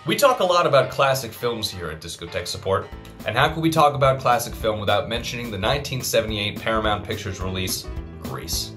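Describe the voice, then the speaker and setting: A man's voice: fairly low pitch, animated, fairly quick, music in the background. A man hosting a scripted comedy sketch with an earnest, mock-sincere delivery.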